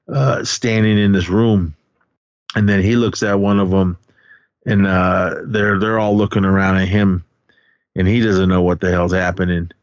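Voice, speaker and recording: A man with a lowish voice talks through a film's plot in a loose, rambling way, stumbling over restarts and uh's. The audio is dull and dry, with no room sound. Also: no echo. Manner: rambling, full of fillers and restarts. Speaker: podcast co-host. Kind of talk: casual movie recap.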